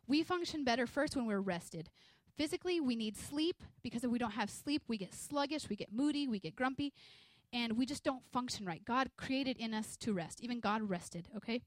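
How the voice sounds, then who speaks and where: A woman in her thirties preaches to her church in an energetic, conversational way, slipping into little acted-out scenes from home. Her voice sits a bit high, and the sound is dry and close, with no room echo. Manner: energetic, conversational, acts out quotes from home life. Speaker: pastor's wife preaching. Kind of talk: sermon.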